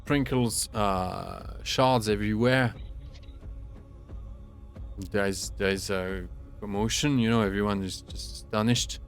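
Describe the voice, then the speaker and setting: Man, game master, slow halting narration, filler-heavy, online call. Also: lowish voice, steady tone, soft background music.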